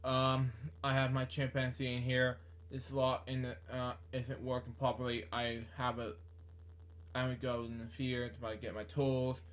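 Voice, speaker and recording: A man's voice: mid-range voice, completely flat delivery, measured pace, a bit bright, natural voice. A man reading as a polite, hesitant prankster. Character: polite male prankster asking a favor.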